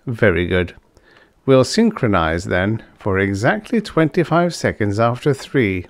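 A man voicing a fat, jovial, scheming crime boss with a suave, pompous, unhurried manner in a science fiction audiobook. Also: fairly low pitch, expressive, no echo.

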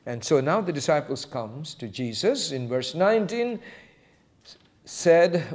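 A pastor delivers a sermon. His voice sits fairly high and swings widely in pitch as he preaches. He quotes scripture and acts out short exchanges. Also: measured pace. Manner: animated preaching, quoting scripture and acting out brief exchanges.

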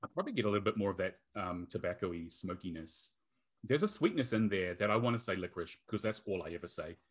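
A man with a New Zealand accent and a fairly low voice talks through a whisky tasting. His humor is dry and self-mocking, and he delivers it in an easy, casual way. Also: animated, fast. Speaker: guest. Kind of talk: casual chat.

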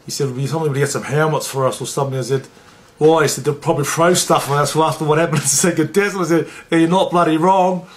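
A middle-aged New Zealander who once played rugby league tells stories in an interview, talking fast with few pauses in a fairly high, steady voice. He's plain-spoken and salty, swearing freely and acting out the dialogue.

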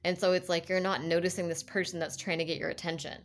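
A woman's voice: lowish voice, flat delivery, fast. A young woman giving a casual tarot reading, rambling along with lots of fillers and restarts. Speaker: tarot reader.

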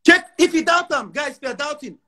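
A man's voice: extremely high pitch, lively intonation, a little fast, bright, forceful tone. A man around forty with a Nigerian Pidgin English accent, a musician talking brashly and emphatically in a casual interview, repeating lines for effect. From Nigeria, Igbo. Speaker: musician guest.

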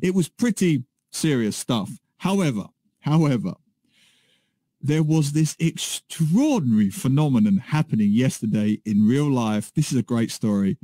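A man co-hosting a radio show, telling a story in a lively, animated way in casual chat. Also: medium pitch, moderate pace, dry recording. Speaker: radio co-host. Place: radio studio.

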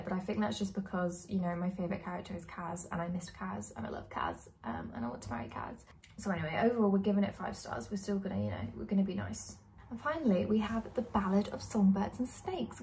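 A woman's voice: medium pitch, darkish tone, slight background noise. A young woman in her twenties, a vlogger giving casual, candid book opinions with plenty of "like" and "um". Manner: chatty, candid, lots of likes and ums. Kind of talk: casual chat.

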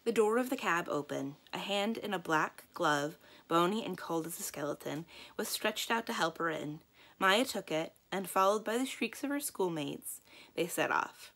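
A woman librarian reading a children's book aloud in a calm, expressive storytelling manner. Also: lowish voice, moderate pace.

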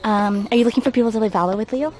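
A slightly high-voiced woman chats her way up outdoor stairs, out of breath and talking through a face mask. She greets viewers by name in a chatty, self-deprecating way. Clear outdoor noise runs under her voice. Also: racing, darkish tone. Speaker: travel livestreamer. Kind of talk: casual livestream chat, reading chat aloud. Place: outdoors, climbing stairs at a shrine. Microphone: wearing a face mask while talking. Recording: outdoor livestream with background noise.

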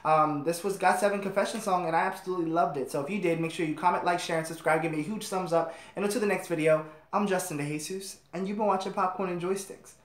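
A man's voice: sits high, steady tone, fast, hardly any pauses, echoey room. A man hosting a music video reaction, gushing and playful as he comments. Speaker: host of a music reaction channel.

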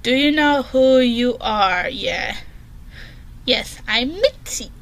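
A woman's voice: fairly high pitch, animated, takes it slowly. A woman in her bedroom giving casual horror game commentary, reading questions aloud and answering them in a jumpy, chatty way. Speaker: gaming channel host.

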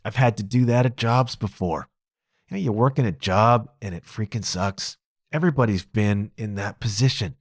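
A man's voice: mid-range voice, dry recording, studio quality. A man hosting a podcast, musing aloud in a casual, conversational monologue and laughing often. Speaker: podcast host.

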